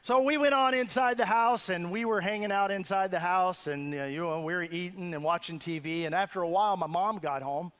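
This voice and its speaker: A man's voice: sits high, fairly quick, few pauses, fairly bright tone, smooth. A man preaching a sermon as pastor, telling a humorous family story in a conversational, self-deprecating way with asides to the congregation. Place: church sanctuary.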